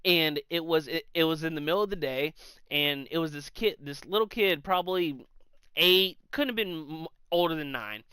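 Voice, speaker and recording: A man's voice: fairly high pitch, moderate pace, clean tone, dry recording. A young man co-hosting a podcast, telling stories in casual chat with lots of swearing and animation. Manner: profane, animated storyteller. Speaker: podcast co-host.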